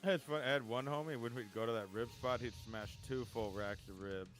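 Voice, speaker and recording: A man's voice: medium pitch, fairly quick, fairly bright tone. A man tells a funny story in casual chat while gaming, laughing often. He acts out his friend's replies. Faint game music plays behind him. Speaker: gaming streamer.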